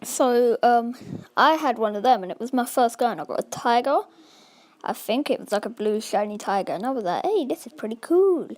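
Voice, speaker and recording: A woman's voice: fairly high pitch, fairly quick, a little mellow, no echo. A woman telling a casual storytime vlog, rambling and full of "like" and "um" fillers. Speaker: vlogger.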